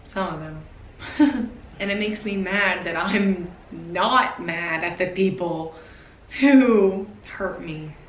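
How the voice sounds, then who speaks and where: A woman in her twenties talking to camera in a personal vlog, nervous and emotional, speaking haltingly. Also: fairly low pitch, roomy sound, dull audio, a little hiss or hum. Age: 20s. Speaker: vlogger.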